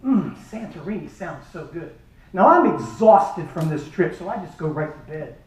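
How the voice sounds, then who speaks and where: Man, comic speech at an event, animated delivery; echoey hall, far mic. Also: a little high, moderate pace. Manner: lively, animated storytelling. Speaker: speaker at a charity event. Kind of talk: humorous storytelling speech.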